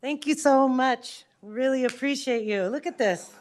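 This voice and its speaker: A woman's voice: high-pitched, measured pace. A woman hosting a live event, speaking in a cheerful, thankful way. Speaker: event host.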